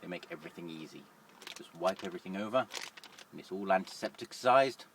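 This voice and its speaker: A man's voice: low voice, lively intonation, brisk, recorded from a distance, noisy background. A man, a lorry driver chatting wryly through a casual cooking vlog from his cab. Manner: chatty, self-deprecating, wry.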